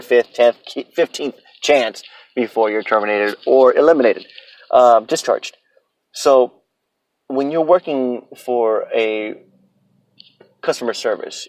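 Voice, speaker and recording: A man's voice: medium pitch, no room sound, rough recording. A man in his thirties hosting a solo podcast, ranting bluntly and profanely about his opinions. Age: 30s. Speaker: podcast host.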